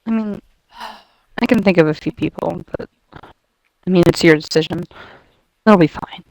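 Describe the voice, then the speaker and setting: A woman speaking in character during a game roleplay, calmly reassuring a friend, with some hesitation. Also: fairly low pitch, normal speed, dry recording, poor audio. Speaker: roleplay player.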